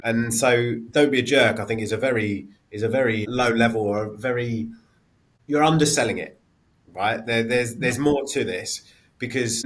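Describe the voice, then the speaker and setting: A man hosting a podcast interview, rambling a little and restarting as he frames his questions. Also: lowish voice. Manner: rambling, restarts often while framing questions. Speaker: podcast host. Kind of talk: casual interview conversation.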